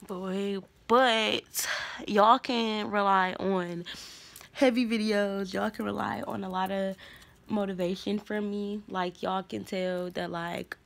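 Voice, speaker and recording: Rambling young woman with a gravelly edge. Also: medium pitch, fairly even intonation, slow. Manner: rambling, candid and profane; drifts between soft murmurs and louder bursts. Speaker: vlogger. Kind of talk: casual storytime vlog.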